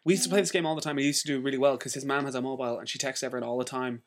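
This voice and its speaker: A woman's voice: rumbling low, fairly even intonation, very fast. A woman co-hosting a podcast, joking playfully and swearing in casual chat. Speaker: podcast co-host.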